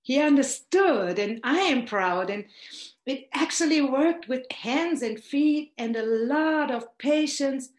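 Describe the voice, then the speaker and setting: Slow, heartfelt woman. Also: sits high, animated. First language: German. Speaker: storyteller. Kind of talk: reading a personal story aloud. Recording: roomy echo.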